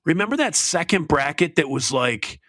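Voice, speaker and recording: Bright-voiced middle-aged man, casual chat. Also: on the high side, lively intonation, normal speed, no echo, clean studio sound. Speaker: podcast co-host.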